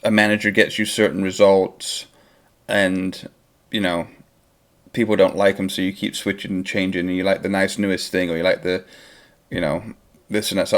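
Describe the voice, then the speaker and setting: Host, male, low voice, opinionated and rambling, loose live-stream chat. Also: little pitch movement, moderate pace. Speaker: host of a football watchalong stream.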